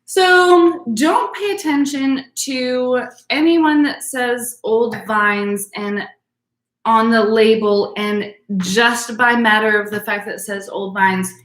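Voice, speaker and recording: Upbeat young woman running an online wine tasting, chatty, fillers everywhere, voice a bit high, echoey room. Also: steady tone, slow pace, a bit bright. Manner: chatty, upbeat, many fillers, greets viewers by name. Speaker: wine class host. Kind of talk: live-streamed virtual wine tasting class.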